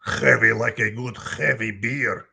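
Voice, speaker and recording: Heavy, a deep Russian brute. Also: male voice, a little slow, gravelly, sharp tone, breathy edge, heavily acted. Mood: matter-of-fact. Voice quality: deep, broken English. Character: huge gruff Russian male mercenary, blunt and proud.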